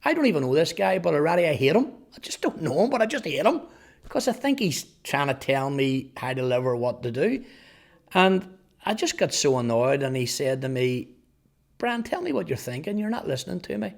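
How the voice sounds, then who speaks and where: Northern irish man, fifties, gravelly voice, earnest testimony, halting repeats. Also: mid-range voice, sing-song. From Northern Ireland. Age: 50s. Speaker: testimony speaker. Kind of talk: personal testimony storytelling.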